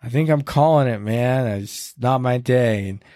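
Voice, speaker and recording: A man casually retelling a hard race on a podcast, earnest and halting, with many restarts and quoted lines. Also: medium pitch, warm tone, no echo, clean studio sound. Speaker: podcast host recounting a race. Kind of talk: casual storytelling chat.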